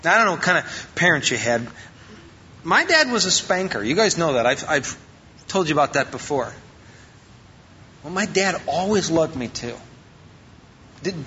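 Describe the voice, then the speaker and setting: Male pastor, casual humorous sermon delivery; high bright voice on a muffled lo-fi recording. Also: a little hiss or hum. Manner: animated and joking, acting out quoted voices. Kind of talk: informal sermon.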